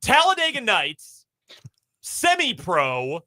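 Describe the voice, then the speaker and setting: A man's voice: high voice, huge pitch swings, sharp tone, no echo. A man co-hosting a sports talk radio show, chatting enthusiastically about movies with his fellow hosts. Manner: chatty, enthusiastic, lists things quickly. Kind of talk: casual sports radio banter.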